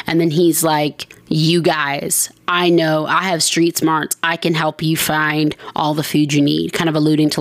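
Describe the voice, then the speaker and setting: A woman's voice: sits low, dry recording. A woman hosting a podcast in casual chat, rambling and poking fun at herself with lots of fillers. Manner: rambling and self-mocking, many fillers. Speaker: podcast host.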